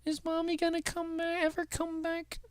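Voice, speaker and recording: A man putting on the voice of a small child asking for their mother in a quick retelling, soft and pleading. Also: very high-pitched, monotone, no echo, studio quality, voice pushed up.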